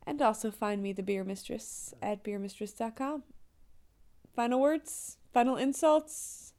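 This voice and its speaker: A woman's voice: fairly high pitch, measured pace, darkish tone. A woman hosting a podcast in casual chat, bubbly and teasing, laughing often. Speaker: podcast host.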